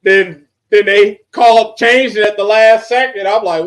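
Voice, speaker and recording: A man co-hosting a casual wrestling podcast, joking in animated slang. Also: high-pitched, a little slow. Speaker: podcast co-host.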